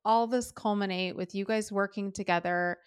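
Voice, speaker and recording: A woman's voice: mid-range voice, fairly even intonation, normal speed, clean tone, no echo, clean studio sound. A woman hosting a podcast interview, asking curious questions with open enthusiasm. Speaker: podcast host.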